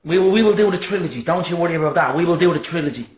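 A man's voice: a little high, expressive, rapid-fire, echoey room, close to an everyday voice. A man impersonating a brash, boastful male fighter who swears and trash-talks. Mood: cocky.

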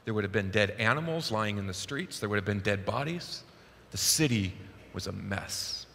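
A male pastor preaching a sermon in a casual, conversational, animated way, recorded in a church sanctuary with a long reverb. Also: fairly low pitch, moderate pace, vocal fry, slight background noise.

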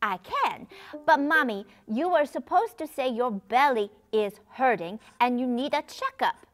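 A woman's voice: sits high, animated, unhurried. A woman voicing an eager little boy who loves helping, talking in childlike pretend play with broken grammar, in a puppet show. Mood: playful.

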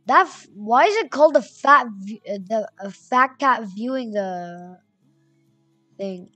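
A young woman giving excitable, chatty commentary while playing a video game, reading names aloud as she goes. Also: a little high, measured pace, no echo, soft background music. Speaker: gamer. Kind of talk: gameplay commentary.

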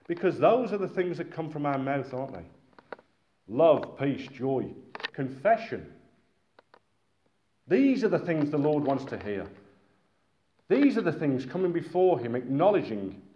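A man preaching a sermon to a gathered congregation, animated and exclaiming, calling his listeners friends. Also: on the high side, unhurried, long pauses. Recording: echoey, muffled room recording with faint noise.

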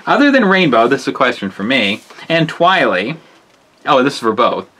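A man co-hosting a toy review video in casual chat, playful and halting. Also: medium pitch, sing-song, sharp tone.

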